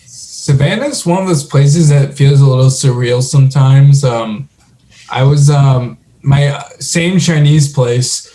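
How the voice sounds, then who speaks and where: A young man co-hosting a podcast tells rambling stories in casual chat, full of fillers and restarts. His voice is medium-pitched, a little slow, and dark in tone.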